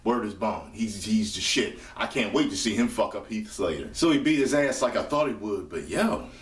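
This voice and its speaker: A man reviewing a wrestling show live as he watches, profane and prone to loud excited outbursts. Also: fairly low pitch, moderate pace, reverberant, distant mic. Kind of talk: live reaction commentary.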